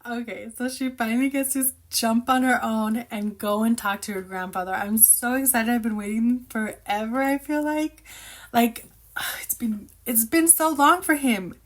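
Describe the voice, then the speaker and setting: A woman chatting casually about a novel she is reading, excitable, opinionated and rambling as she reacts. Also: fairly high pitch, normal speed. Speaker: book reviewer reacting while reading. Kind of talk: casual book reaction chat.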